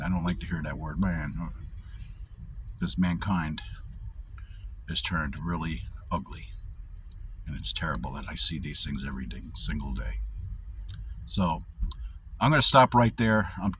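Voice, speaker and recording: A man with a low, deep voice talks through his faith in a loose, rambling way, circling back and restarting his thoughts. His humor is dry and deadpan. Faint noise hums under the recording. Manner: rambling, candid, with frequent restarts and self-talk. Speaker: vlogger sharing faith encouragement. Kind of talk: casual devotional talk.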